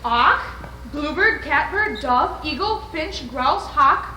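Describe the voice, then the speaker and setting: A woman's voice: high voice, lively intonation, bright, forceful tone, heavily acted. A young woman playing a playful court jester. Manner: quick, playful guessing patter. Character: chatty court jester guessing charades. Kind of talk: amateur stage musical performance. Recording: echoey hall with noisy live ambience.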